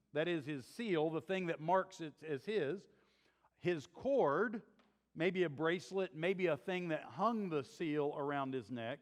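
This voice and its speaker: A man's voice: on the high side, long reverb tail. A man teaching a church Bible survey class, retelling a story in a conversational, folksy way with chuckling asides.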